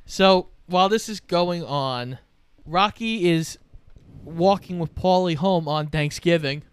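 A man co-hosting a casual movie recap, retelling scenes in a relaxed way with casual swearing. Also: high voice, takes it slowly, smooth. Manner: relaxed storytelling, quotes characters, casual swearing. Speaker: podcast co-host.

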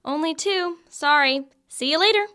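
A young woman playing a bright, bickering student. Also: high voice, moderate pace. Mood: lively. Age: young adult. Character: lively young woman student Lana in a frat house. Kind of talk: college audio theater acting.

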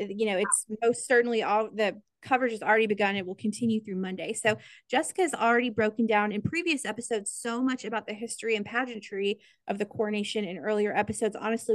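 An American woman co-hosts a casual podcast chat, sounding chatty, earnest and sincere, and she gets emotional at times. Her medium-pitched voice is captured on a dry, close mic.

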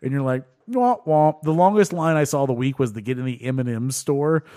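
A man's voice: mid-range voice, brisk, dark tone. A man in casual chat, rambling and laughing as he recaps a show with friends.

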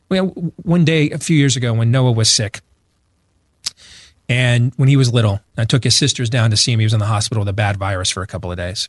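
A man's voice: mid-range voice, no room sound, clean studio sound. A man giving opinionated talk-show commentary, emphatic, repeating phrases for force. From Iowa, US. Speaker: radio show guest.

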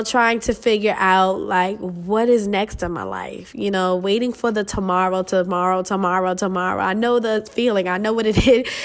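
Earnest, emotional young woman podcaster. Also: mid-range voice. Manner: earnest and emotional, swears freely, calls listeners "you guys". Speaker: podcast host. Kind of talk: motivational casual podcast monologue.

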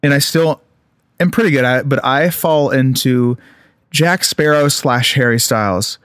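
A man's voice: mid-range voice, measured pace, fairly bright tone, clean tone, dry recording, clean studio sound. A young man and actor co-hosting a podcast in casual chat, playful and teasing. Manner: playful, teasing, slips into mock accents.

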